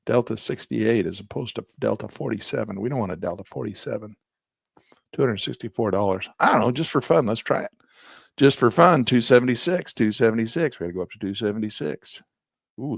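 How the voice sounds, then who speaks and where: Man, low gravelly voice, hoarse, husky, trading instructor thinking aloud. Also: dry recording, clean studio sound. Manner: thinking aloud while placing trades. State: hoarse, clearing his throat. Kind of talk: live trading walkthrough.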